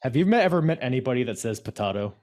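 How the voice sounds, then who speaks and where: This man co-hosts a podcast, recapping wrestling in casual chat. His mid-range voice is animated, very fast and a little mellow, and he rambles, corrects himself as he goes and gestures while talking.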